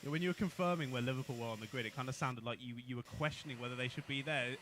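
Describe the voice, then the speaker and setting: A man co-commentating live on a kart race, chatty and quick to explain driving technique. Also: mid-range voice, fairly bright tone, a little hiss or hum. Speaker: karting co-commentator. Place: commentary box at a kart track.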